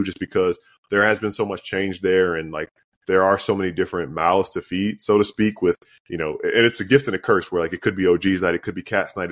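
Low-voiced male co-host, loose and rambling sports talk. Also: no echo, studio quality. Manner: rambling, many fillers and restarts.

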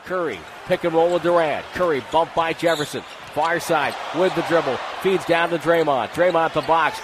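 A man calling live basketball play-by-play in rapid clipped phrases, rising to shouts on big plays. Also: on the high side. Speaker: play-by-play announcer. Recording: broadcast with arena noise behind. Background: arena crowd and ball bounces.

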